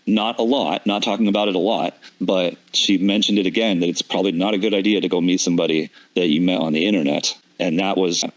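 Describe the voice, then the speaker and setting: A man's voice: low-pitched, steady tone, quick pace, hardly any pauses, low-quality recording. A man giving methodical commentary on an interview clip, breaking down word choices and repeating his points. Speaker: deception analysis commentator.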